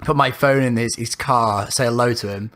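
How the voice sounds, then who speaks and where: A man's voice: medium pitch, fairly even intonation, normal speed, fairly bright tone. Young man, podcast co-host, brash, swears freely, laughs a lot, remote call. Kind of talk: casual chat.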